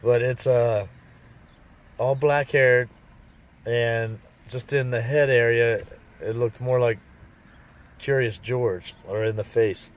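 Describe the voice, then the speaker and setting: A man's voice: mid-range voice, fairly even intonation, slow pace, long pauses. A man casually telling a rambling, folksy story to his viewers, full of restarts and asides. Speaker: vlogger.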